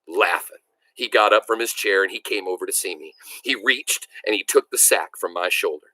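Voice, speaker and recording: A man reading a novel aloud in a measured, expressive storytelling manner. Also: low voice, dry recording, poor audio. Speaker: reader.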